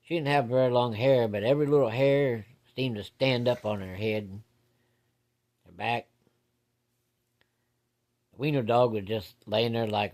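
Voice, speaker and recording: A man's voice: medium pitch, steady tone, a little slow, long pauses, a little mellow. Folksy man telling a ghost story. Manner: folksy, plain-spoken with casual swearing.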